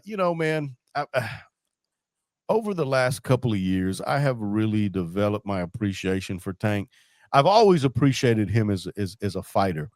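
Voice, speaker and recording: A man hosting a podcast, chatting casually about sport as an animated storyteller who laughs often. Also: fairly low pitch, no echo, studio quality. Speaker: podcast host.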